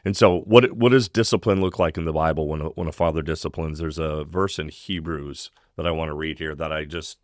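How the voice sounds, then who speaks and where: A man with a very low voice talks earnestly and at a steady pace on a faith podcast. The sound is dry and close, with no room around it. He reads scripture aloud now and then. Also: fairly quick, few pauses, no room sound. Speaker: podcast co-host. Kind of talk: faith-based casual discussion.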